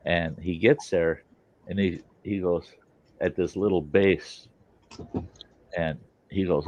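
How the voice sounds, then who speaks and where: A man's voice: sits low, steady tone, slow, pauses often. A man hosting a show, telling a joke casually in a folksy, rambling way, in a dull lo-fi recording. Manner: folksy, rambling, laughs at his own jokes. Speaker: host.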